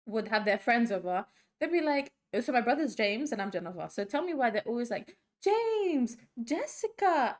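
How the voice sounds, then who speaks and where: Chatty young woman on a podcast. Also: a little high. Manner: chatty, laughs often, fast asides. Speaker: podcast co-host. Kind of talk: casual chat.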